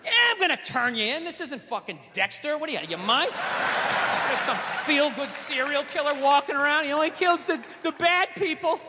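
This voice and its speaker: A man doing a stand-up comedy routine on a theater stage, ranting and swearing, swinging from mutters to shouts. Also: extremely high pitch, moderate pace, background noise. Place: large theater stage with live audience. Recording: live hall with audience.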